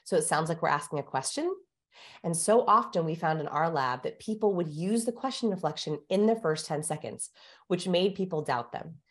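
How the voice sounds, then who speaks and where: Low-voiced woman explaining with energy. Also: moderate pace. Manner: energetic, demonstrative, teacherly. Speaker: guest communication researcher. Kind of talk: explanatory interview talk.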